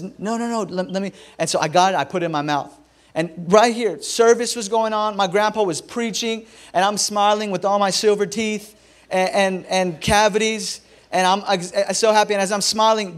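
A young male pastor preaching a sermon in a church, telling stories in a conversational, humorous way. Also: high voice.

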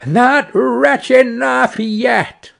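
A man voicing a bold, vengeful female sparrow who scolds in a high, emphatic voice. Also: big pitch swings, measured pace, gravelly, exaggerated voice.

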